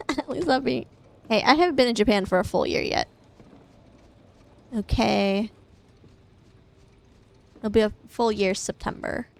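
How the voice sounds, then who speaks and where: Her voice sits fairly high, with vocal fry, a slightly slow pace and frequent pauses. She's a young Midwestern woman rambling through a casual game stream at home, full of swearing and laughter.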